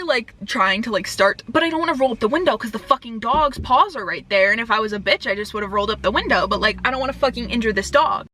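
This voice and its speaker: A young woman telling a story in a casual rant, animated and swearing often. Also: fairly high pitch, fast, few pauses. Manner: animated, swearing, quoting herself.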